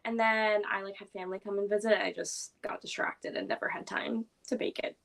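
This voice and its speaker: A woman's voice: mid-range voice, flat delivery, a little fast, creaky, fairly bright tone. A young woman guest on a reading livestream, rambling casually with lots of fillers. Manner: chatty, rambling with many fillers. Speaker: guest book vlogger. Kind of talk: casual chat.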